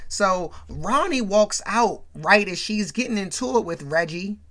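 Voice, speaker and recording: A woman's voice: medium pitch, expressive, a little slow, a bit bright. A woman casually recapping a film scene, often checking in with "right?" and "you know?". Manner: retells scenes, acting out quoted lines; frequent tag questions like "right?". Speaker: host.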